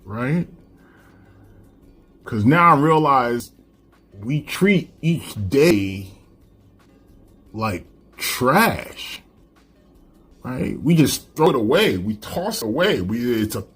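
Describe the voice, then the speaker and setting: Slow, husky-voiced male teacher lecturing. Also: medium pitch, very animated, fairly bright tone, faint music behind. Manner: conversational, keeps asking "right?". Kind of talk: classroom literature lecture.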